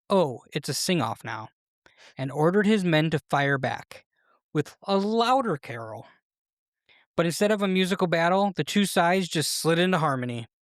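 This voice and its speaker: A podcast host narrating history with a playful, animated storytelling manner at a middle pitch. The sound is dry and close, with no room echo. The delivery feels scripted but lively.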